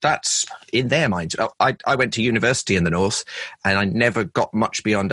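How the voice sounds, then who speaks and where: A man's voice: lowish voice, normal speed, a bit bright, husky, dry recording, low-quality recording. A man from London, a comedian, chatting in an interview and telling self-deprecating anecdotes. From London, England. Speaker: comedian and former presenter. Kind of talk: podcast interview chat.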